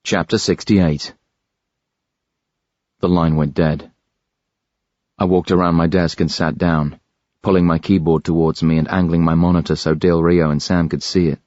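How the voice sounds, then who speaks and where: A male audiobook narrator with a low voice and a measured, even first-person delivery. The sound is dry and close, slightly dull in tone. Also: dry recording.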